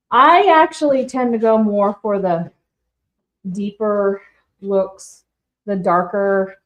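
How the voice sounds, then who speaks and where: A woman at a mid-range pitch hosts a live do-it-yourself painting demonstration from her shop. She is chatty and upbeat, and talks straight to the people watching as if they were friends. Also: poor audio. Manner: chatty, upbeat, talks straight to viewers and calls them by name. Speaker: shop owner hosting a live DIY demo. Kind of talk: casual live crafting demonstration.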